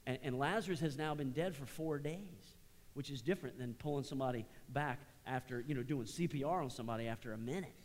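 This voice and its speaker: A man's voice: medium pitch, quick pace. Man preaching in a reverberant hall. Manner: conversational preaching, swinging between raised emphasis and soft, hushed passages. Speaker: pastor. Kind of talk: sermon. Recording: long reverb of a large hall.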